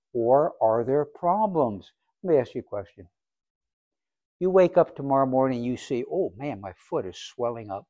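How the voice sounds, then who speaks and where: A pastor delivers his sermon in a voice pitched a bit high for a man, recorded dry and close. He leans on rhetorical questions and acts out little scenes. He drops to near quiet, then climbs back up to loud. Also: dry recording. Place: church sanctuary.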